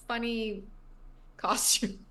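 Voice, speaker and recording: A woman's voice: on the high side, flat delivery, slow, sharp tone. A woman guest on a comedy talk show, bubbly and flirty.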